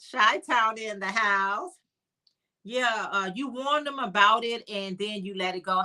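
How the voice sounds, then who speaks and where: Woman, Chicago accent, livestream host; bright, chatty, upbeat delivery reading viewer comments. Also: a little high, normal speed. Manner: chatty and upbeat, greets viewers by name, calls them honey.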